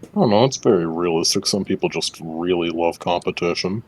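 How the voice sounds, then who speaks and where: A man's voice: deep voice, brisk. A man playing in a tabletop game, chatting casually and swearing constantly in exasperation. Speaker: player.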